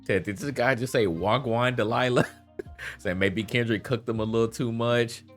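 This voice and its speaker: In a casual, slangy rant, a male commentary vlogger with a mid-range voice talks loosely at a moderate pace, full of fillers and frequent laughter. Faint music plays behind him.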